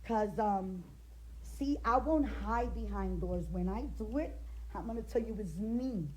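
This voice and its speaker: A woman's voice: mid-range voice, unhurried, darkish tone, slightly rough, rough recording. A middle-aged woman, a grandmother, ranting straight to the camera with indignant, confrontational rhetorical questions. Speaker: grandmother speaking out in a family feud. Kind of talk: direct-to-camera rant.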